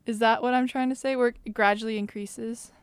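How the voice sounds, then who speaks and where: A woman's voice: on the high side, fairly even intonation, a little fast, clean tone, no room sound. Young woman rambling with giggles. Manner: giggly, rambling, searches for words. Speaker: co-host. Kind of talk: casual podcast chat. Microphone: studio microphone with pop filter.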